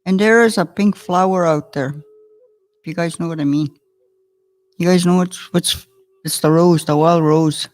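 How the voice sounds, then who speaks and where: Slow, patient woman teaching vocabulary. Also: lowish voice, fairly even intonation. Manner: warm and chatty, often chuckling, sounds out words slowly. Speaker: language teacher. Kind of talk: slow, patient language lesson.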